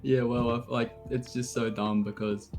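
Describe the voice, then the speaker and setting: A man's voice: medium pitch, moderate pace, music in the background. An eighteen-year-old man with an Australian accent, telling his story in casual, rambling chat. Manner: excited rambling storytelling with laughs. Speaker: interview guest.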